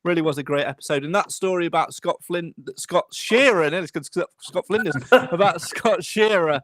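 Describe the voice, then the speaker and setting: A man hosting a football podcast, chatty with brisk announcements between segments. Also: sits high, fairly bright tone, a little hiss or hum. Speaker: podcast host.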